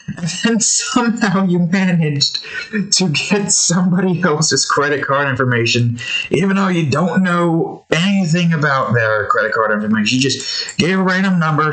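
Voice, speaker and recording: A man's voice: fairly high pitch, a bit bright. A man chatting casually while drawing, rambling through joking tangents and laughing often. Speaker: artist and channel host.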